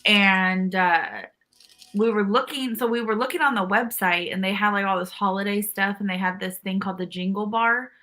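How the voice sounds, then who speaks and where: A woman's voice: mid-range voice, moderate pace, sharp tone. A woman guest on a podcast telling a rambling story with lots of fillers and restarts. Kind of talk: casual chat.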